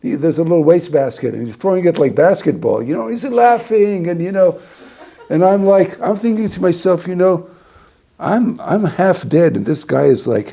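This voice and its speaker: A man's voice: on the high side, normal speed, vocal fry, mellow. A man, a rabbi, giving an informal talk to a small group, rambling through a story with many restarts.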